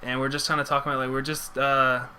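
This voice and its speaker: Bright-voiced young man rambling through a story. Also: mid-range voice, level tone, quick pace, slight background noise, low-quality recording. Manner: rambling, full of "like" fillers and swearing. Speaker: streamer. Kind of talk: casual storytelling.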